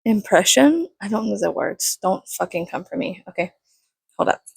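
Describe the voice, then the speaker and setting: Woman vlogger, casual unboxing chat, giggly and self-mocking, gravelly voice, dry close sound. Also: mid-range voice, animated, moderate pace, a little mellow, no room sound. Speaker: vlogger reviewing a perfume package.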